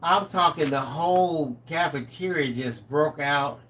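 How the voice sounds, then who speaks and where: A middle-aged man co-hosting a live stream, telling stories in a lively, animated way. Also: fairly high pitch, measured pace, a little hiss or hum. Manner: animated storyteller, acts out quotes. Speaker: co-host of a live craft stream. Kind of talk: casual storytelling chat.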